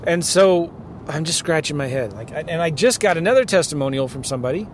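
A man hosting a podcast from his car, ranting in an animated way and firing off rhetorical questions to his listeners. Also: on the high side, fast talker, slight background noise. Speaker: podcast host, real estate investing coach. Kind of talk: ranting monologue.

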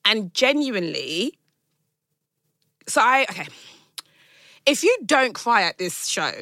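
A woman co-hosting a podcast in casual chat, swearing freely and talking fast through her stories. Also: mid-range voice, big pitch swings, pushed and bright, no echo. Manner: chatty, swears freely, apologises through laughter. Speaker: podcast co-host.

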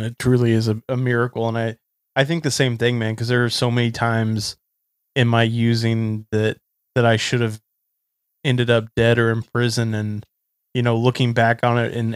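A man's voice: medium pitch, little pitch movement, moderate pace, clear, resonant tone, no room sound, clean studio sound. A man talking casually about recovery, friendly and reflective, often calling his guest "man". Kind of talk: casual conversation.

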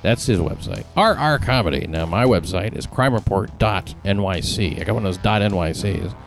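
Low-voiced man hosting a comedy podcast. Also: lively intonation, moderate pace, over music. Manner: joking, blunt and profane. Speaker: podcast host. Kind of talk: casual comedy podcast chat.

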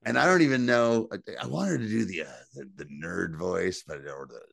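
A man's voice: lowish voice, normal speed, vocal fry, a bit bright, dry recording, studio quality. A man co-hosting a podcast, chatting casually and profanely and reading listener reviews aloud. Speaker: podcast co-host. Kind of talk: casual chat reviewing a TV episode.

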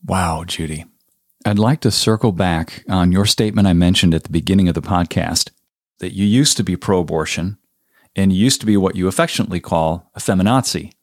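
A man hosts a podcast, calm and attentive as he puts a question to his guest. His voice sits very low. The sound is dry, with no room echo. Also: a little fast. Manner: attentive, calm, short affirming responses. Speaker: podcast host. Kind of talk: interview questions and brief reactions.

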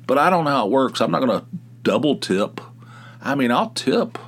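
A man in his forties from southern West Virginia, US, hosts a casual solo podcast, rambling with restarts and sighs. His husky, mid-range voice swings widely in pitch at a moderate pace.

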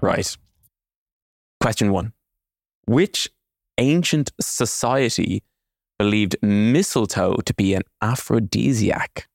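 Creaky-voiced man hosting a quiz. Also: fairly low pitch, slow pace, pauses often, no echo, clean studio sound. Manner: teasing, joking. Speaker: quiz host. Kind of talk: casual quiz banter.

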